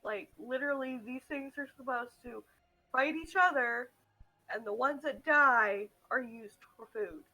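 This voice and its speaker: A man's voice: very high voice, a little slow, sharp tone, soft background music, exaggerated voice, rough recording. A man voicing the stern woman who owns the arena, scolding the players curtly. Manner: scolding, curt.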